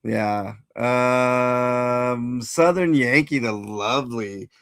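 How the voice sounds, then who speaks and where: A man's voice: mid-range voice, extremely slow, a bit bright, no room sound, studio quality. Rambling male livestream host. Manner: rambling, greets chat viewers by name. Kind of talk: casual livestream chat.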